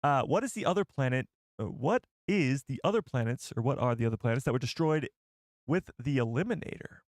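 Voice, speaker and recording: A man hosts a live stream in a loose, rambling way, thinking aloud as he answers chat and looks things up. His voice sits at an ordinary middle pitch. The sound is dry, with no room echo. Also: animated, brisk. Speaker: livestream host.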